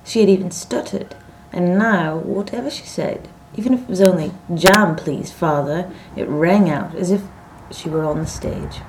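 A woman reading a story aloud in a measured, expressive audiobook narration. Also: fairly low pitch, a little hiss or hum, poor audio.

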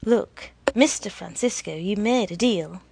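A woman with a husky voice reading the lines of a curt, businesslike woman. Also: mid-range voice, unhurried, darkish tone, no echo, poor audio. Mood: brisk. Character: brisk no-nonsense woman, impatient.

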